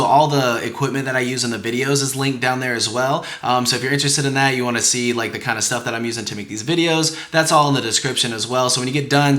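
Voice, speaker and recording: A man's voice: mid-range voice, pushed and bright. A young man giving a patient, encouraging guitar lesson, counting the beats aloud as he walks through chords. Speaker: guitar teacher. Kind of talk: guitar tutorial. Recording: guitar playing under the voice. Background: guitar playing.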